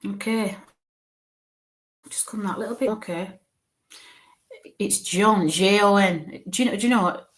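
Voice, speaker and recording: At a measured pace and with frequent pauses, a medium-pitched woman gives viewers a live reading as a spirit medium. She thinks aloud about what she senses, keeping things chatty and reassuring and repeating "okay" and "bless you" often.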